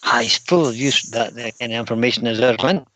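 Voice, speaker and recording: Host, male, casual livestream chat, reads out comments, bright forward tone, dry close sound. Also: medium pitch, a little fast, dry recording, low-quality recording. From United Kingdom. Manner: chatty, reads viewer comments aloud. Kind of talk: casual live-stream chat reading comments.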